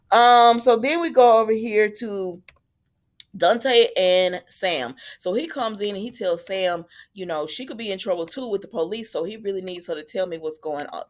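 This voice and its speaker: A woman casually recapping a soap opera episode, chatty and sassy, talking back to the characters. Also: lowish voice.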